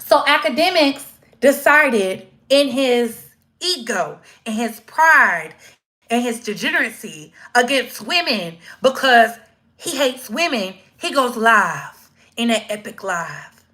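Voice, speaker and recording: Speaking slowly, a woman with a slightly high voice provides slangy, lively live-stream commentary in a casual tone, acting out quoted voices as she goes.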